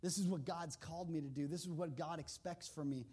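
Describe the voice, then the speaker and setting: A man voicing a young male captive who speaks softly and steadily, firm in his convictions. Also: sits high, fairly quick, close to an everyday voice. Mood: resolute. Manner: soft, steady, resolute.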